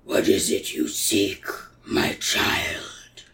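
A woman voicing a huge, bloated monster that devours things, with a breathy, whispery voice and a slow, drawn-out delivery. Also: a bit bright, far from the mic. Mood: whispery menace. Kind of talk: improvised story voice in a casual chat.

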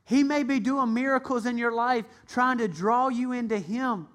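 A man's voice: extremely high pitch, normal speed, fairly bright tone. A man pastor preaching a sermon, earnestly and emphatically, acting out the voices in his retelling. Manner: dramatic retelling with acted-out voices.

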